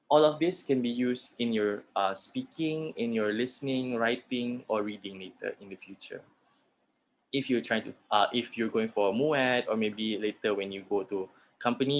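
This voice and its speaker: A young male lecturer with a Malaysian English accent, talking through an online class at a computer mic. His voice sits at an ordinary middle pitch, and he slips between English and Malay while he walks his students through examples. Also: a little hiss or hum. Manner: mixes English and Malay, explains with spoken examples.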